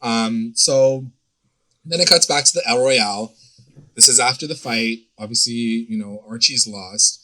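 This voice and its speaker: A man's voice: mid-range voice, a little slow, pushed and bright, poor audio. A man co-hosting a podcast, recapping an episode in rambling casual chat and swearing freely. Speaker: podcast co-host.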